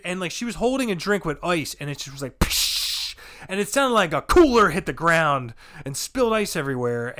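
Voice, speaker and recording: A man, a comedian guest, telling a rowdy, profane story with animated delivery and sudden shouts. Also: sits high. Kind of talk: storytelling chat.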